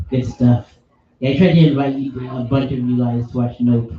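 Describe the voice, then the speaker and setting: A man's voice: mid-range voice, steady tone, moderate pace. Enthusiastic man, echoey distant pub recording. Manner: enthusiastic, rambling, laughs easily. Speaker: podcast host. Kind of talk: casual chat about movies. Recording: echoey room, distant mic, dull sound.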